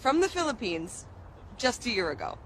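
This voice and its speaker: A woman's voice: a little high, big pitch swings, moderate pace, slight background noise. Woman playing a nosy, surprised questioner. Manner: inquisitive, surprised. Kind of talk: comedy sketch.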